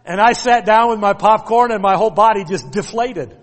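High-pitched and brisk, a middle-aged pastor delivers a sermon from a church sanctuary. Folksy anecdotes alternate with emphatically repeated commands, and the church hall lends a long reverb.

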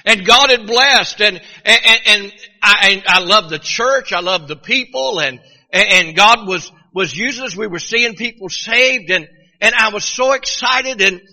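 A man's voice: high-pitched, pushed and bright, in a large hall. A middle-aged man from Virginia with a Southern accent, preaching a folksy sermon and often repeating his first words as he starts a sentence. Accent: Southern American. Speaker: pastor.

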